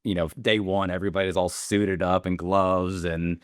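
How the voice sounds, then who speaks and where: Here's a beekeeper from Alabama, a man with a low, fairly flat voice and a clean tone, spinning rambling stories at normal speed with plenty of fillers and restarts. It's casual interview storytelling, recorded dry and at studio quality.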